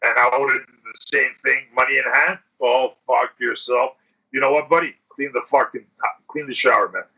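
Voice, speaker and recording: A male podcast host swaps crude, profane stories in casual chat. His voice is bright and a little husky. He talks a bit high, and the recording is dull and lo-fi. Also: fairly even intonation, normal speed. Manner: crude, profane storytelling, acts out quotes.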